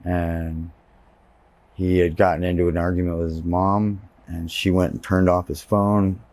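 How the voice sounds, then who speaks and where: Deep-voiced man telling his story. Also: level tone, unhurried, a little mellow, dry recording. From Texas. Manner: candid, plain-spoken storytelling. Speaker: interviewee. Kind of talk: personal testimony.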